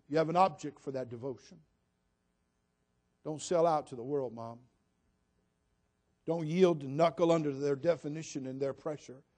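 A man's voice: on the high side, mellow. Emphatic male pastor preaching. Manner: emphatic, repeats phrases, direct questions to the congregation. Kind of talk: sermon.

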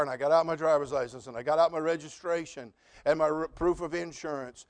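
A man's voice: fairly high pitch, fast talker. A middle-aged man preaching a sermon as pastor, telling stories and asking the congregation questions, rising to emphatic repeated phrases. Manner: addresses congregation directly with questions.

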